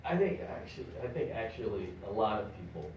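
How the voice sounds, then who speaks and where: A man giving a public lecture at a library, animated and joking with the audience. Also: lowish voice, fast talker, a little hiss or hum. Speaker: guest lecturer. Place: public library meeting room. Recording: echoey room, recorded from a distance.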